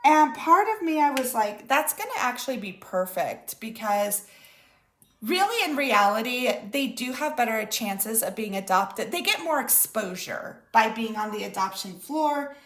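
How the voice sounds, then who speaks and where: A woman's voice: fairly high pitch, sing-song, measured pace, fairly bright tone, reverberant. A woman, a mother, telling a story casually to her viewers, chatty and full of quoted dialogue. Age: adult mother of school-age daughter. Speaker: vlogger.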